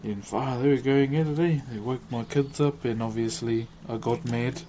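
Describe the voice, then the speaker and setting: A man's voice: medium pitch, normal speed, mellow, a little hiss or hum. A young man with a New Zealand accent, chatting casually on a live stream while he carves wood, laid-back and laughing often. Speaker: streamer and woodcarver.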